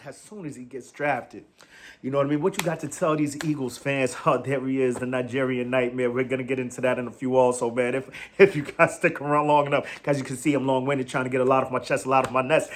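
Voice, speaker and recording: A man hosting a fan commentary show, rambling in animated slang and laughing often. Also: medium pitch, fast. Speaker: sports fan show host. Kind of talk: casual fan commentary vlog.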